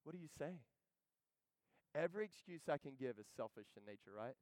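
A man preaching a sermon, swinging from loud urging to hushed storytelling. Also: mid-range voice, expressive, brisk, no room sound.

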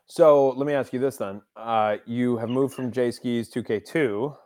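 A man's voice: medium pitch, measured pace, no room sound, studio quality. A young man hosting a casual interview, rambling with lots of "uh" and "like". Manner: relaxed, rambling, many "uh" and "like" fillers. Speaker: podcast host.

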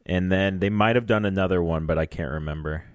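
Deep-voiced laid-back podcast co-host. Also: male voice, quick pace, no room sound, clean studio sound. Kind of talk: casual chat.

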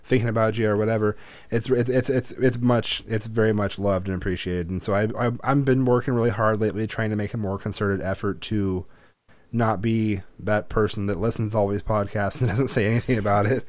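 A man's voice: lowish voice, fairly even intonation, fairly quick, darkish tone, no echo. A man hosting a casual parenting podcast, a parent himself, who talks in a rambling way with lots of fillers and restarts. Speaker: podcast host.

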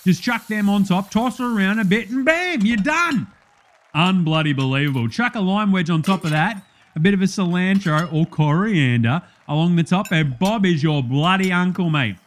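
A loud, cheeky Australian bloke hosting a cooking show, as a man puts him on, his voice riding high. He throws around slang and jokes with his studio crowd in a broad accent, all part of a comedy sketch. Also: lively intonation, normal speed, a little hiss or hum. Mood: boisterous. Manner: larrikin, rowdy slang-heavy banter.

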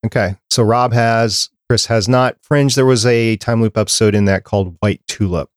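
A man's voice: fairly low pitch, moderate pace, no room sound, clean studio sound. A man hosting a podcast, chatting casually as he works through a prepared list. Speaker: podcast host.

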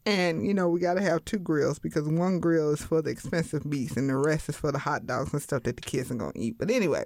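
A woman chatting casually on a podcast, telling stories and acting out her own thoughts in high voices. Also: fast talker, a little mellow, no room sound. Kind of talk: casual chat.

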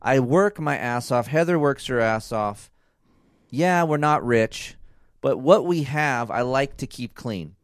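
A man in his thirties tells a story in casual, profane chat, animated and quick to act out shouts. His voice is smooth and clear, recorded close and dry with no room sound. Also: medium pitch, dry recording. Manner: animated storyteller, swears freely, mimics shouts. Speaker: co-host of a couple's talk show.

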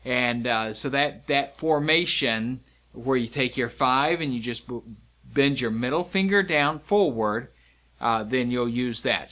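A man's voice: mid-range voice, bright, forceful tone. A man teaching sign language vocabulary, explaining each sign step by step in a patient, demonstrating way. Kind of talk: instructional lesson.

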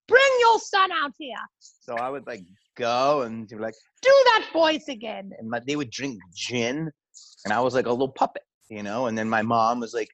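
A man's voice: medium pitch, no room sound, poor audio. A comedian being interviewed, telling loose rambling stories and acting out the people he quotes. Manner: loose, rambling storyteller who acts out quotes. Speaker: comedian guest. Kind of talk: casual interview talk.

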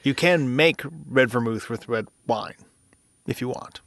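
This man co-hosts a podcast, chatting casually at an unhurried pace, laughing a lot and tripping over his words. His medium-pitched voice has a fairly bright tone, captured with studio quality and no room sound.

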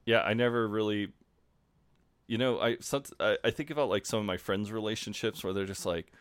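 Low smooth-voiced man podcaster. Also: brisk, dry recording. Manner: relaxed, wry recapping. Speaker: podcast co-host. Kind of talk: casual chat. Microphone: home podcast mic.

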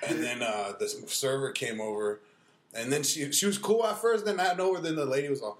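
A man's voice: medium pitch, a little fast, echoey room. A man co-hosting a podcast, rambling through stories in casual chat and saying "dude" a lot.

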